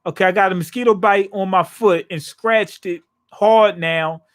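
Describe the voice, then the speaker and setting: A man's voice: high voice, moderate pace, fairly bright tone. A man hosting a casual live reaction to a comic chapter, rambling with jokey asides and many restarts. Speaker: manga reaction channel host.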